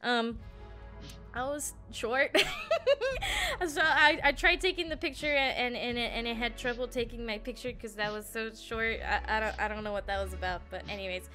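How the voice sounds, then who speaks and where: A woman's voice: a little high, steady tone, normal speed, bright, forceful tone, faint music behind. A young woman vlogger casually telling a travel story, rambling and giggling self-consciously.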